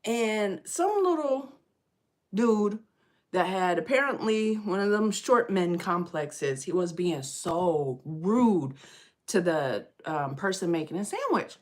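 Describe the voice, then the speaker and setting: A middle-aged woman chatting on a livestream, telling stories in a lively, fired-up way and greeting viewers by name. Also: on the low side, slow. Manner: animated storyteller, gets loud and fired up. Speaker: livestream host. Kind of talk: casual livestream chat.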